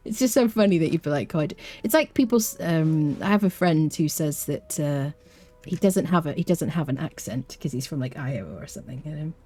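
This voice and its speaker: A woman's voice: low-pitched, fairly quick, warm tone. A young woman from the United Kingdom chatting with her viewers as she streams a game live. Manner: chatty, talks to viewers in chat. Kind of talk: live-streamed gameplay commentary.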